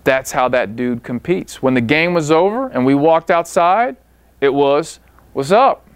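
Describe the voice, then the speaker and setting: A man tells a coaching story with lively swings in his voice, jumping up high when he acts out quotes. His voice is smooth and clear. The sound is close and dry. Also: measured pace, no room sound. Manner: animated anecdote-telling with voiced quotes. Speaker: basketball coach.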